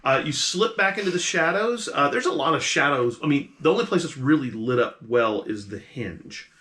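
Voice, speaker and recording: Bright-voiced man running a tabletop game. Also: on the high side, expressive, normal speed. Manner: casual, rambling with many fillers. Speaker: game master.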